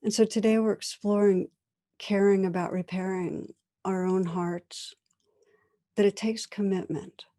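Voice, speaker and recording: A woman meditation teacher giving a dharma talk, telling a story in a calm, measured, gentle way. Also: mid-range voice.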